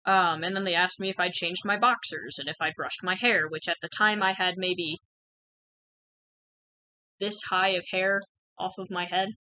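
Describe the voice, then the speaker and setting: A woman's voice: lowish voice, normal speed, pauses often, sharp tone, dry recording, poor audio. A young woman candidly telling a personal story in a frank, conversational way, full of "like" and "um". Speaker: channel host sharing personal experience.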